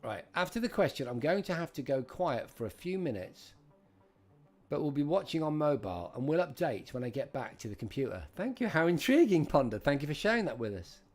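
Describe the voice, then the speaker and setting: A middle-aged man hosts a live-streamed quiz from a desk mic at his computer. His voice sits a little high and swings a lot in pitch as he greets viewers and reads out questions. Faint music plays behind him. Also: very animated, brisk, darkish tone. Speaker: host.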